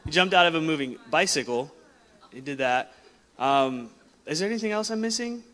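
A young man preaching a sermon, telling a personal story in a casual, animated way and laughing often. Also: a little high, moderate pace. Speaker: pastor. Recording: long hall reverb.

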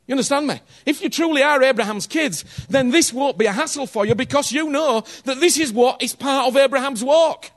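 High-voiced man preaching earnestly. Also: fairly quick, few pauses. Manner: earnest, conversational, checks in with "you understand me?"; repeats phrases for emphasis. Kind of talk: sermon.

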